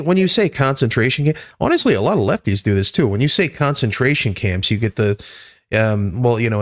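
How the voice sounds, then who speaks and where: Halting, rambling male streamer. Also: medium pitch, no room sound, clean studio sound. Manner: rambling, halting, many restarts. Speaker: livestream host. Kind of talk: casual political chat.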